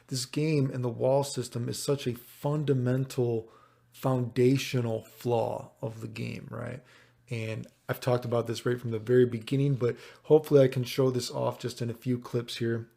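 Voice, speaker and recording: A man's voice: medium pitch, creaky, mellow. A man giving casual commentary over gameplay footage, rambling, swearing and checking in with the viewer. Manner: rambling, profane, keeps checking in with "right?". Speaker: fighting game commentator.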